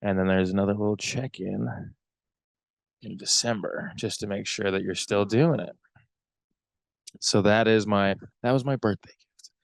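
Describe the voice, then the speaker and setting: A young adult man co-hosting a podcast, chatting casually in a halting, rambling way. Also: fairly low pitch, fairly even intonation, creaky, no room sound. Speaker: podcast co-host. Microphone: close podcast mic.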